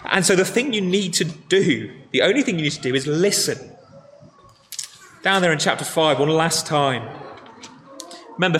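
Man, preacher, sermon, earnest, emphatic repetition, fairly high voice, echoey hall recording. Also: a bit bright. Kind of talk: sermon with closing prayer. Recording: echoey hall with faint noise.

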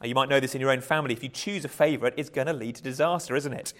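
A man's voice: medium pitch, racing. A man preaching a conversational sermon, often restarting words and chuckling lightly.

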